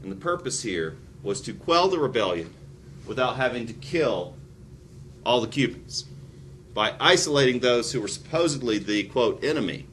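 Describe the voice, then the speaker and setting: A male history teacher giving an animated lecture with joking, sarcastic asides. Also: mid-range voice, normal speed, a little hiss or hum. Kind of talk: classroom lecture.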